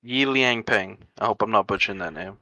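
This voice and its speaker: A man's voice: lowish voice, a little fast, bright, forceful tone, no echo, muffled recording. A young man co-hosting a podcast in casual chat, blunt and unfiltered, often laughing. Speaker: podcast co-host.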